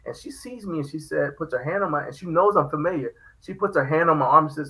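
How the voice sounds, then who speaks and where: A man's voice: fairly high pitch, lively intonation, fairly quick, sharp tone, low-quality recording. A man hosting a podcast, telling a story in casual chat and acting out the quoted lines. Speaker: podcast host.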